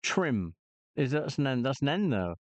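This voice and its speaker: A man's voice: mid-range voice, very animated, moderate pace, dry recording. A man hosting a casual games channel, hesitantly muttering clues and moves aloud to himself, on a dull lo-fi recording. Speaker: gaming channel host. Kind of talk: casual puzzle and game commentary.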